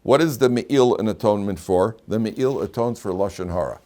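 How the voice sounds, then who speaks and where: A man's voice: lowish voice, fairly quick, darkish tone. A man, a rabbi teaching a Torah class, who tells jokes and anecdotes and often repeats his phrases. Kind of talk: classroom lecture.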